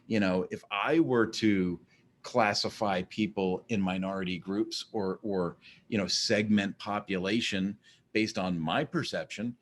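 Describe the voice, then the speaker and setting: A man's voice: lowish voice, a little hiss or hum. A man in a casual monologue, rambling and often repeating words as he starts a sentence. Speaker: vlogger.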